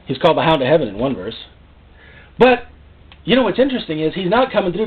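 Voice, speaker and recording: A man preaching a sermon in an animated way, often acting out God's voice and the people he quotes. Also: fairly high pitch, fast talker, long pauses, husky. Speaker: pastor. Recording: phone-like narrow sound.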